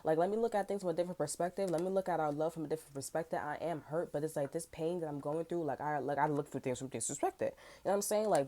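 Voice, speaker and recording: A woman's voice: deep voice, warm tone. A young woman giving a rambling, casual tarot reading, frank and full of fillers. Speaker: tarot reader.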